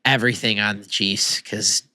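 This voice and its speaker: A man's voice: fairly low pitch, steady tone, moderate pace, pushed and bright, no room sound, clean studio sound. A man co-hosting a sports podcast in laid-back, casual chat, swearing freely. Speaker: podcast co-host.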